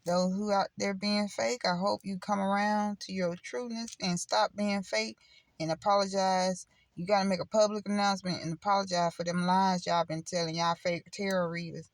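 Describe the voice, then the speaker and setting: A woman's voice: medium pitch, fairly even intonation, normal speed, no room sound. A middle-aged woman chatting casually on her channel in a blunt, preachy, rambling way. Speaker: spiritual vlogger. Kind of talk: casual direct-to-camera chat.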